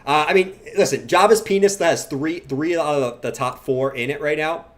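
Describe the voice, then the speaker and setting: Jokey streamer guy with a slightly higher voice, riffs with chat and walks through charts. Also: normal speed. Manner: playful, jokey banter with chat, bursts of loud chanting. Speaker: livestream host. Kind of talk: casual livestream chat and chart analysis.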